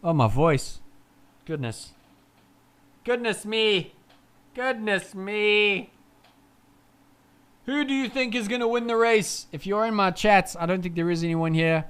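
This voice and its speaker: High, crisp-voiced young male streamer. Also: moderate pace. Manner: excitable, swearing, rambling. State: groggy, short on sleep. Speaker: live stream host. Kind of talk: casual live race commentary.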